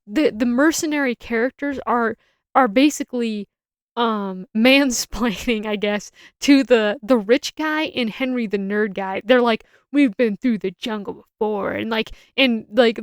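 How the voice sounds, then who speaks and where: A woman's voice: a little high, clear, resonant tone, no room sound, studio quality. A young adult woman giving a casual, opinionated film review, rambling and often restarting her sentences.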